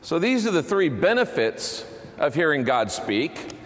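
A man's voice: a little high, sing-song, unhurried, fairly bright tone, a little hiss or hum. A man preaching a sermon, emphatic, driving points home with repeated lists. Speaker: pastor. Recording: long hall reverb.

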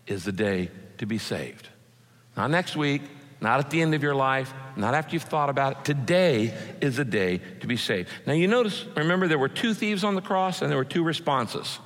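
Pastor guy preaching, bright voice that swoops up and down a lot, big echoey hall. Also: medium pitch. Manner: emphatic preaching, repeats key phrases. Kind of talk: sermon. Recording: echoey hall with long reverb.

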